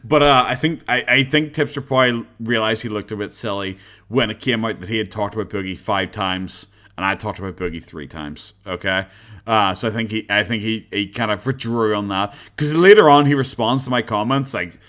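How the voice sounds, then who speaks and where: A man's voice: lowish voice, brisk, fairly bright tone. An Irish man chatting casually to his livestream audience. He swears freely and laughs often, and he leans in and out of his desk microphone. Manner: profane, laughs often, talks to chat. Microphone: desk microphone, leaning in and out.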